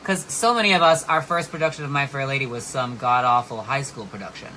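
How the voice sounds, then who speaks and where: A man's voice: mid-range voice, fast talker, a little hiss or hum, poor audio. A man who is a drag performer, chatting casually and playfully backstage at a bar, now and then breaking into song. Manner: animated and playful, bursts into song.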